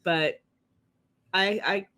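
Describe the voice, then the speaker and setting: A relaxed co-host chats about the fruit and oak in a dram, casual and conversational. The voice sits at a middle pitch and talks in a loose, friendly way. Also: extremely slow, a little hiss or hum. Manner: relaxed, chatty. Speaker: whiskey reviewer, co-host. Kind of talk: casual tasting chat.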